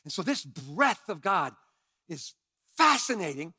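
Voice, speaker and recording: A man preaching a sermon as pastor, swinging between passionate shouting and quiet asides while calling on his congregation to respond. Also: high voice, big pitch swings, unhurried, breathy edge, no echo.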